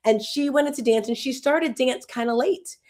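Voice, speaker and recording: A woman's voice: sits high, a little mellow. A woman in her fifties hosting a casual talk, rambling and emotional, sometimes close to tears. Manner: emotional, rambling, fast tangents. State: tearful. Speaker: host.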